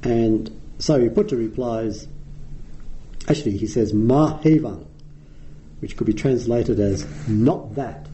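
A middle-aged Australian man giving a dharma talk as a meditation teacher, explaining in an unhurried way with frequent ums. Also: mid-range voice, dark tone, a little hiss or hum, poor audio.

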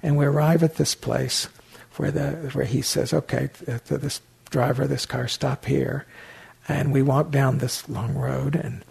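A man's voice: mid-range voice, level tone, a little slow, gravelly, darkish tone, slightly rough. An older man and meditation teacher telling a story in a dharma talk, wry and anecdotal, with many fillers and restarts.

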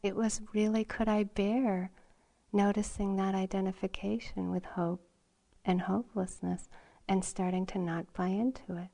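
A middle-aged woman giving a dharma talk at a meditation retreat, speaking in an unhurried, reflective way with frequent pauses and soft laughs. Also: medium pitch, fairly even intonation, gravelly. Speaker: meditation teacher.

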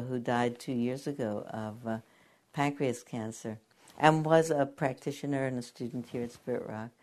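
Very low-voiced older woman giving a dharma talk. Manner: gentle storytelling with many pauses and fillers. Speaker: meditation teacher. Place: meditation hall.

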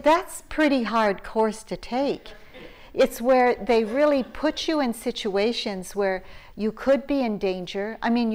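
Woman, middle-aged, meditation teacher, dharma talk, slow unhurried delivery, conversational storytelling. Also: fairly high pitch. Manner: storytelling, conversational with frequent laughs and restarts. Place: meditation retreat hall.

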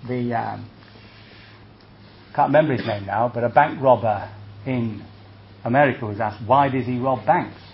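A man's voice: medium pitch, moderate pace, long pauses, lo-fi sound, slight background noise. A man, a Buddhist monk, giving a conversational dharma talk, checking in with his listeners and acting out reactions with humor. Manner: conversational, checks in with "see?" and "okay?"; lively, acts out reactions with humor.

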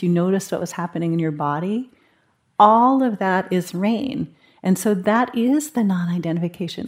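A woman's voice: mid-range voice, a little mellow. A woman guiding a live meditation retreat group in a conversational manner, acting out inner thoughts as little quoted asides. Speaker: meditation teacher.

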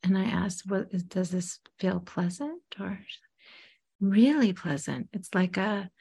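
Woman, meditation teacher type, telling a story in a halting, hushed way; slow delivery. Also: mid-range voice, animated, gravelly, breathy edge. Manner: halting, soft-spoken, often drops to a whisper. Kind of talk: reflective storytelling.

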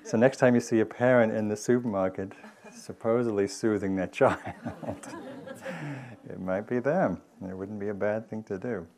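A man from England giving a meditation dharma talk, telling stories in a gentle, conversational way. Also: fairly low pitch, steady tone, moderate pace. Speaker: meditation teacher. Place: meditation hall with audience.

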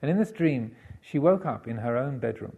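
A man giving a Buddhist dharma talk, telling a story in a halting way with many fillers and restarts. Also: mid-range voice, expressive, mellow, slightly rough, dull audio. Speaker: Buddhist monk teacher.

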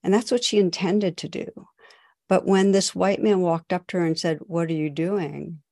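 A woman, a meditation teacher, giving a dharma talk in a gentle, unhurried storytelling manner. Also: medium pitch, fairly even intonation, no room sound, clean studio sound.

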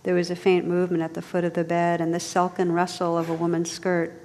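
A woman meditation teacher reading a story aloud in a soft, measured way. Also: fairly low pitch, monotone. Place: meditation hall. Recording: long hall reverb.

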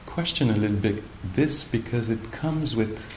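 A male meditation teacher giving a gentle, playful dharma talk with frequent pauses. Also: on the low side, slight background noise. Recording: roomy hall with faint ambience.

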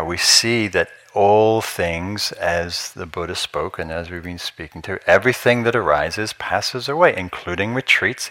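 A man teaching meditation at a retreat, telling stories with easy humor and soft chuckles in a meditation hall. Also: deep voice, gravelly. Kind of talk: dharma talk at a retreat.

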